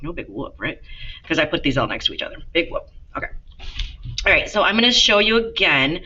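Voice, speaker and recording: Chatty woman teacher with a lively bright voice. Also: lowish voice, muffled recording. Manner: chatty, encouraging, talks to students directly. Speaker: art teacher. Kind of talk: casual drawing lesson for kids.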